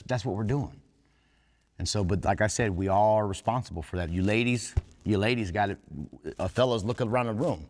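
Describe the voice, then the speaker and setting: Earnest plain-spoken man in a hall. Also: fairly low pitch. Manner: plain-spoken, earnest, folksy with mild cursing. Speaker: workshop speaker in recovery fellowship. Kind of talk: informal recovery workshop talk. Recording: long hall reverb.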